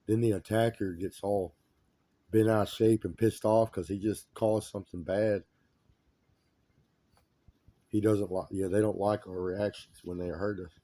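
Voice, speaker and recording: Man with a very dark, mellow voice. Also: fairly low pitch. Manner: agitated, repetitive, emphatic complaints. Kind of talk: rambling monologue to camera.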